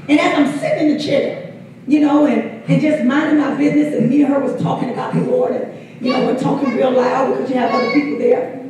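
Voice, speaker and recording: A woman's voice: high voice, a little mellow, a little hiss or hum. A woman pastor, preaching at a Bible study, telling stories with laughter and calling out for the congregation to respond. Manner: storytelling, laughing, calls for responses. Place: church hall. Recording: roomy echo, far from mic, congregation.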